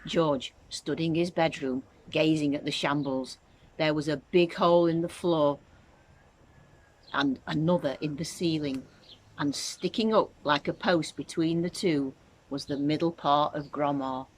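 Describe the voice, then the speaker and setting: A woman teacher reading a children's book aloud with clear, expressive storytelling. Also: deep voice, measured pace, a little hiss or hum.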